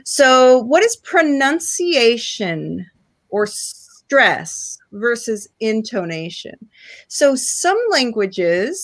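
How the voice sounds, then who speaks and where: Woman teacher on a video call, unhurried, drawn-out explanations, mid pitch. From United States. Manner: slow, deliberate explaining with drawn-out example words. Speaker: English pronunciation teacher. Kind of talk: online seminar lecture.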